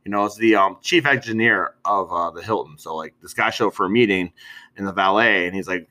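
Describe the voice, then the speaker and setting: A man's voice: on the low side, lively intonation, fast talker, pushed and bright. A young man co-hosting a podcast in casual chat, laid-back, laughing often and calling people bro and dude. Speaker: podcast co-host.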